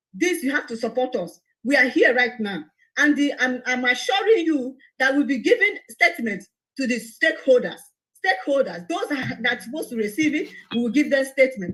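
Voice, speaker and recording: High-pitched, pleading woman. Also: a bit bright, low-quality recording. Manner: pleading and indignant, repeats herself. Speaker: caller on a live broadcast. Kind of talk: impassioned appeal.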